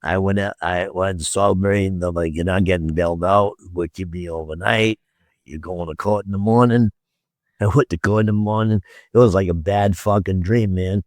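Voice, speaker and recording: Low-voiced man telling a rambling story. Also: fairly even intonation, moderate pace, no room sound, clean studio sound. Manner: rambling, stammers and repeats, acts out quoted dialogue with frequent swearing. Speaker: podcast guest. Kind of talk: casual storytelling.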